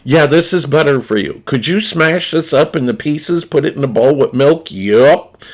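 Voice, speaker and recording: A man's voice: a little high, lively intonation, normal speed. A man, chatting casually to viewers in a blunt, profane, rambling way. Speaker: gaming streamer reviewing a snack. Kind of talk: casual unscripted chat to viewers.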